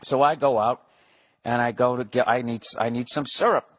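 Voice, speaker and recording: A man in his forties hosting a podcast, telling a profane comedic story solo, acting out voices in animated asides. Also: medium pitch, moderate pace. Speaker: podcast host.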